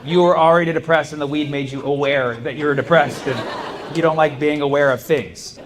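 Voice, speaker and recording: A man's voice: fairly high pitch, steady tone, moderate pace, background noise. A man performing a stand-up comedy set, telling stories animatedly and laughing often. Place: comedy club stage.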